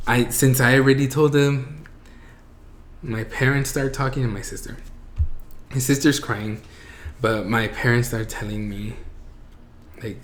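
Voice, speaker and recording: A man's voice: medium pitch, fairly even intonation, a little slow, pauses often. Emotional young man telling a personal story. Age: 20s. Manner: emotional, voice breaking near tears at times; casual, many "like"s, mixing in Spanish phrases. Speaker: vlogger. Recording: echoey room.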